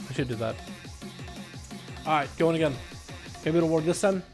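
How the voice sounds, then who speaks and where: A young man hosting a game livestream, chatting casually with viewers and calling arena duels in quick, excited play-by-play with a playful, self-mocking manner. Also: a little high, faint music behind.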